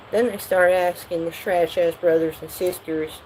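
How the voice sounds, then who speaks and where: A woman's voice: lowish voice, level tone, a little slow, noisy background. A woman doing a live tarot reading, talking bluntly and profanely in a rambling way. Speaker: tarot reader.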